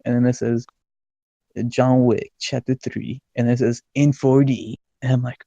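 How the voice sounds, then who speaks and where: A young man, a podcast co-host, telling a story in casual chat, excitable and swearing a lot, laughing as he goes. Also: mid-range voice, fairly quick, no echo, dull audio. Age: young adult.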